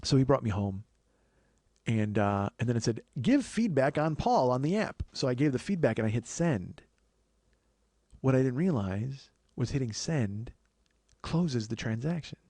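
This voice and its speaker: A man's voice: medium pitch, animated, darkish tone, dry recording. A man hosting a podcast, telling profane, rambling comic stories and acting out the quotes. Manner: profane, rambling, quick anecdotes with acted-out quotes. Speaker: podcast host. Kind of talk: casual comedic storytelling.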